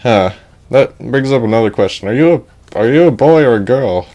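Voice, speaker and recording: A dim, cocky young warrior, as a man plays him in a silly storybook tale blusters with brash confidence. The voice sits only a little above a plain man's pitch. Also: animated, a little fast, dark tone, lightly acted.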